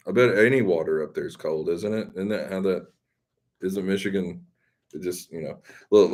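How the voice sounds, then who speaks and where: A Southern man with a deep, low voice chats loosely with his viewers. He rambles and jokes at his own expense in an easygoing, folksy way. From Mississippi. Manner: rambling, folksy, self-deprecating. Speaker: live stream host. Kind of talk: casual chat with viewers.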